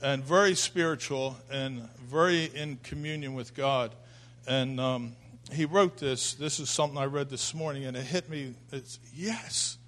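An older man speaking at a church service, halting and emotional, rising to fervent exclamations. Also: mid-range voice, steady tone, fairly bright tone. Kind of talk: informal sermon.

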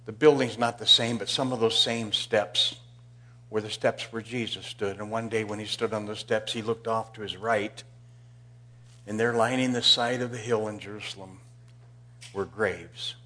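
A male pastor preaching a sermon in a church, telling a Bible story and swinging from loud emphasis to hushed asides. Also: lowish voice, fairly even intonation, normal speed.

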